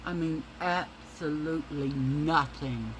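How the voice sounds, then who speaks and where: A woman's voice: sits low, takes it slowly, slight background noise, poor audio. A middle-aged woman vlogger telling a rambling, profane story in a casual way while she applies makeup.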